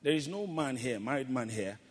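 A man's voice: mid-range voice, lively intonation, a little fast, breathy edge, big-room sound. A male pastor preaching a sermon, calling for amens and acting out playful asides. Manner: preaching with call-and-response and playful acted asides.

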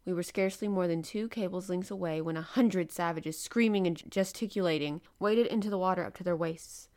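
Woman host, lower-pitched voice, animated read-aloud of a classic novel. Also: brisk. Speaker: podcast host and reader.

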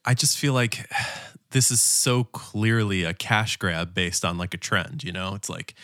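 Guy co-hosting a podcast, kinda low voice, jokey and fed up, dry mic. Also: fairly bright tone, dry recording. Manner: joking, exasperated, talks fast in bursts. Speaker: podcast co-host, dietitian. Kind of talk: casual podcast chat.

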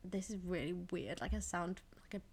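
A young woman with a slightly nasal voice, co-hosting a podcast in casual chat, chatty and quick to repeat words. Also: fairly low pitch, a little mellow, breathy edge. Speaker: podcast co-host.

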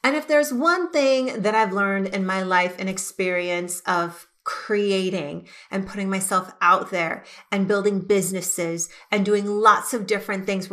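A woman hosting a podcast, giving an energetic, emphatic motivational talk and stretching key words for effect. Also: mid-range voice, a little slow, few pauses. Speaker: podcast host.

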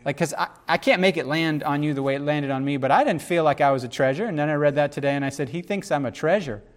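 A middle-aged man preaching in an animated, conversational way and often turning to his listeners with asides. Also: fairly high pitch, fast talker. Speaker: pastor. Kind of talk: sermon.

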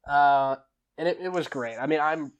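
A young man, a podcast guest, telling stories in a relaxed, chatty way, often trailing off and restarting his sentences. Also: on the high side, normal speed, clear, resonant tone, muffled recording. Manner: lively storyteller who laughs and acts out quoted lines; casual, with frequent fillers and self-corrections. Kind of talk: conversational storytelling.

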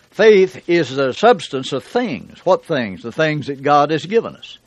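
Older male radio Bible teacher, plain-spoken folksy delivery with emphatic scripture readings. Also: mid-range voice. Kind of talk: broadcast sermon.

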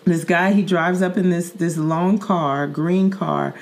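Speaking slowly with fairly even intonation, this middle-aged woman from Saint Louis, Missouri, recounts a personal story on her podcast in a casual chat. Her voice is low, her manner earnest and vivid, and she often repeats words and says "um" and "like."

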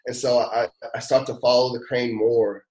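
A man's voice: medium pitch, little pitch movement, normal speed, darkish tone. A man, a pastor and podcast guest, tells a personal testimony in an earnest, heartfelt and casual way. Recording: roomy echo.

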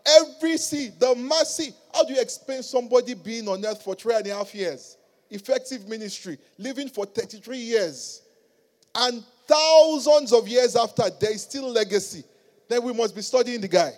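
A male pastor with a high voice delivers an animated sermon. He swings between quiet asides and loud, ringing exclamations, acting out the voices in his stories. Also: moderate pace. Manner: animated preaching, acted quotes, rises to loud exclamations.

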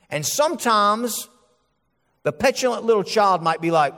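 A male pastor preaching a sermon, animated and acting out the voices he quotes. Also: high voice, normal speed, long reverb tail.

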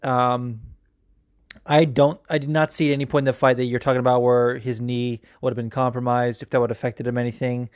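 A man's voice: mid-range voice, little pitch movement, a little fast. Rambling male podcast host. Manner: rambling, laughs often, many fillers. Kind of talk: casual chat.

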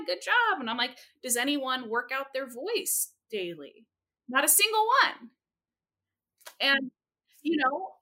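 A young adult woman, a speech therapist, telling stories in an animated, expressive way as a podcast guest. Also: fairly high pitch. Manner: animated, expressive, jumps into quoted voices. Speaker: speech-language pathologist guest. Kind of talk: lively storytelling in a podcast interview.

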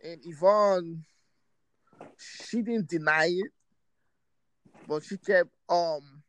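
A man hosting a podcast, telling a story casually in streetwise slang, animated, raising his voice for quoted friends. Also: high-pitched, extremely slow, clean tone, no echo, rough recording. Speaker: podcast host.

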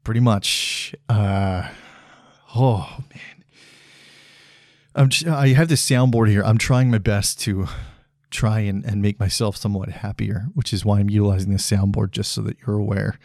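In a fairly low, slightly mellow voice with fairly even intonation and a measured pace, a man in his thirties runs a solo podcast monologue. He's blunt and frustrated, swearing freely and restarting, on a clean studio recording without echo.

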